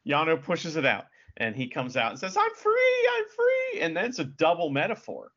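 Playful man, bouncy pitch. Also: lively intonation, fairly quick, sharp tone, slightly rough, lo-fi sound. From United States. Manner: rambling, playful, asks questions. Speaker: podcast co-host. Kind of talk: casual chat.

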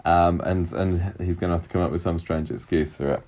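A man's voice: deep voice, fairly even intonation, fairly quick, darkish tone. A man in casual chat, recapping a soap episode with quoted lines and restarts. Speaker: podcast co-host recapping a soap.

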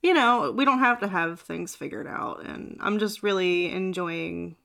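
A woman's voice: lowish voice, unhurried, vocal fry, bright, forceful tone. A woman hosting a podcast over a video call, talking in an effusive, open way with frequent laughs and restarts. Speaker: podcast host. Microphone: video call microphone.

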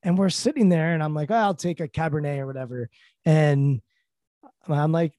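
A man's voice: sits high, normal speed, no room sound, clean studio sound. A man hosting an interview, talking casually and sharing his own stories. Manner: casual, relaxed, shares anecdotes. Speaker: interviewer, host. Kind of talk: conversational interview.

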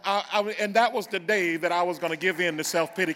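A man preaching, telling a personal story that builds into loud, drawn-out praise. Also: high voice, some chatter behind, a little hiss or hum. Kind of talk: sermon testimony. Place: church.

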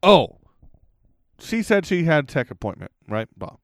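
Lively, foul-mouthed man telling a story. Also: on the high side, measured pace, no room sound, clean studio sound. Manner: animated storytelling, heavy swearing. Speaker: podcast co-host. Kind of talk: casual chat.

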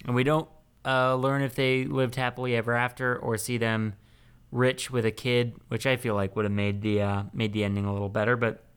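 A young man co-hosting a podcast, recapping a movie in casual chat, rambling with lots of ums and quick laughs. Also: mid-range voice, little pitch movement, clean tone. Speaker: podcast co-host.

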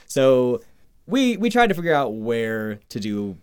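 A man's voice: medium pitch, sing-song, a little slow, smooth. A man from Alabama co-hosting a podcast in casual, chatty conversation, laughing often. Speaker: podcast co-host.

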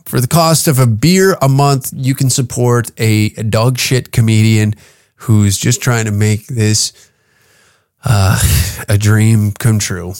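A man's voice: mid-range voice, darkish tone, no echo, clean studio sound. A man hosting a comedy podcast, brash and profane, joking in a mock-therapeutic tone. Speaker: podcast host. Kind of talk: casual comedy podcast rant.

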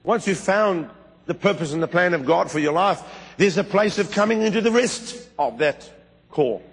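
A middle-aged male preacher delivering a fervent sermon, his voice set a little high and somewhat husky. He tells stories with sudden leaps upward in pitch and volume. The sound rings with the long reverb of a large church hall. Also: animated, moderate pace.

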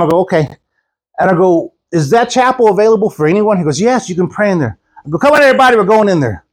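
A high-pitched, husky male voice leads an animated storytelling sermon. The preacher acts out the quoted voices and laughs frequently with his congregation.

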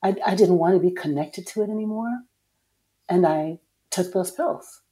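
An author appearing as a guest shares a personal story frankly and with emotion, cursing at times. Her voice is fairly low and her speed normal, and she shifts between hushed tones and loud ones.

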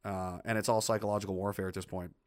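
A man's voice: lowish voice, flat delivery, fast. A middle-aged man hosting a livestream who reads viewer chat aloud and rants bluntly and profanely, with lots of rambling restarts. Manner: blunt and profane, heated outbursts. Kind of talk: casual ranting commentary.

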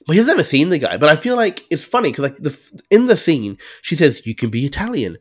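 A man's voice: a little high, fast talker, breathy edge. Easygoing man musing in a film podcast. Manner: relaxed, questioning, uses "reckon" and "like". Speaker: podcast co-host. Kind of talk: casual film review chat.

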